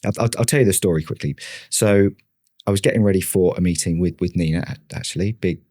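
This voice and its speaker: Deep-voiced man telling a candid story. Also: fast, warm tone, dry recording, studio quality. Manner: candid, self-deprecating, with frequent restarts. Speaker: podcast guest, marketing leader.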